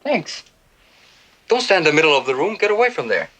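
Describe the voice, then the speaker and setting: A hunted young Union soldier in an old Western film, in a somewhat high, bright voice. His lines come out urgent, wary and clipped. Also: big pitch swings, a little fast, heavily acted. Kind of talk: 1970s Western film acting.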